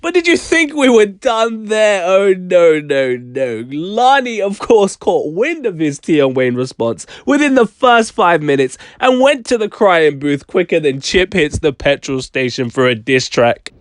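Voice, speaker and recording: A man hosting a commentary vlog, joking and animated as he retells online drama. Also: sits high, a little slow, few pauses, dry recording, studio quality. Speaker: vlog host.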